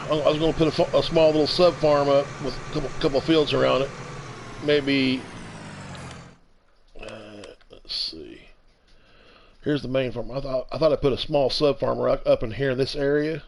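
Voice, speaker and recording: A man in his fifties giving casual, rambling commentary while playing a farming game, with halting restarts. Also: mid-range voice, fairly even intonation, slight background noise, low-quality recording. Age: 50s. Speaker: let's play streamer.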